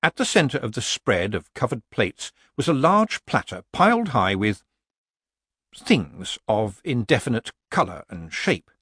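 A man's voice: mid-range voice, fairly bright tone, husky, no room sound, studio quality. A man narrating a comic fantasy story as an audiobook reader.

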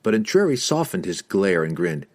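A man narrating a fantasy audiobook in an expressive, steady storytelling manner. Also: low-pitched, normal speed.

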